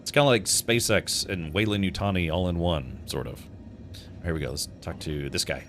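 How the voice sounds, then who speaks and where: A man's voice: low-pitched, normal speed, fairly bright tone, a little hiss or hum. A man streaming a game, chatting with his viewers in a rambling, joking way with frequent chuckles. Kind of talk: casual gameplay commentary.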